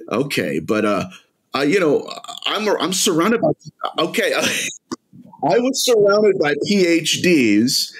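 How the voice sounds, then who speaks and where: A middle-aged man, a podcast guest, telling an intense story in a dramatic way and calling the listener "my friend". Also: medium pitch. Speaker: podcast guest, demonologist author. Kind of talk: storytelling in an interview.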